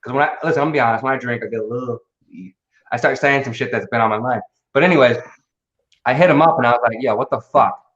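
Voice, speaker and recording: A man co-hosting a casual livestream, talking in a profane, rambling, excitable way. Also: mid-range voice, rapid-fire. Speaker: livestream co-host. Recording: lo-fi roomy online stream audio.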